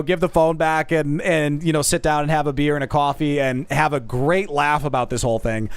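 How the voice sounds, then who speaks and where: High-voiced male streamer, animated storyteller, dry close sound. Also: vocal fry, clean tone, no echo. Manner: talks straight to the audience as folks. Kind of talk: casual storytelling.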